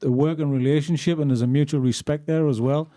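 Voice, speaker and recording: Animated man with a mellow voice. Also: a little high, quick pace. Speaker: podcast host. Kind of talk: casual chat.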